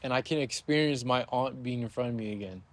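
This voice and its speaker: A young man hosts a casual podcast conversation, his voice sitting at an ordinary middle pitch. He tells stories with animation, acting out the people in them, and his talk stays loose and conversational throughout. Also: fast talker. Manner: animated storyteller who acts out scenes with loud shouts. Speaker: podcast host. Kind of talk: casual chat.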